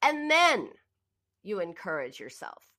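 In an earnest, emphatic self-help talk, a woman coaches listeners about binge eating and speaks to them directly as "you." Her pitch swings hugely and often climbs for emphasis, and her delivery is a little slow, pushed and bright.

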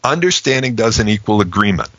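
Bright, dry-voiced man explaining communication. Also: lowish voice, a little fast, dry recording. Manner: animated, acts out example phrasings. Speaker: relationship communication expert guest. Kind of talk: casual talk-show explanation.

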